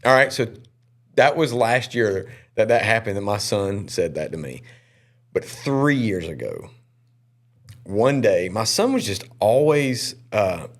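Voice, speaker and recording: A man who is a pastor and podcast host, telling a personal story in an earnest, emotional way. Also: measured pace. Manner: earnest and emotional, with lively pitch swings.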